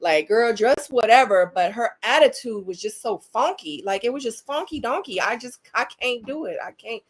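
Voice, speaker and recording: A woman's voice: on the high side, animated, moderate pace, slightly rough. A young adult woman co-hosting a casual live-stream recap, talking animatedly and repeating words for emphasis. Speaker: co-host recapping a dating show.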